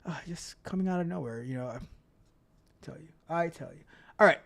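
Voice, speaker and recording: A man hosting a casual tech livestream, talking to his chat in an upbeat, chatty way. His voice sits a little high. He often repeats phrases and trails off while reading comments. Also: a little fast, gravelly, a bit bright. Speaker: livestream host and tech coach.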